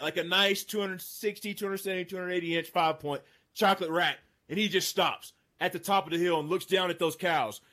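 A man in his thirties hosting a casual chat, telling a hunting story with excitement and frequent laughs. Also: sits high. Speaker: podcast host. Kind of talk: casual storytelling among friends.

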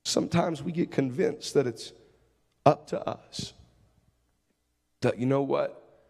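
In a church sanctuary full of congregants, a man with a medium-pitched, darkish voice and vocal fry preaches slowly, his words trailing into a long reverb. He asks searching, pleading questions, then repeats his opening words as he moves into an altar-call prayer.

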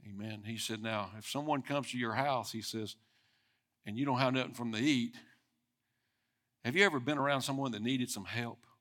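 A man's voice: medium pitch, normal speed, long pauses. Man preaching a conversational sermon. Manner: conversational preaching, speeding up and swelling in loudness for emphasis. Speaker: pastor.

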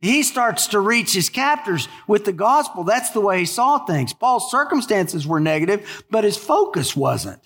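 Male pastor, conversational storyteller, leans hard on key words, high-pitched, long church-hall echo. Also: big pitch swings, moderate pace, few pauses, fairly bright tone. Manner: conversational storytelling preacher with emphatic stretched words. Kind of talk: sermon.

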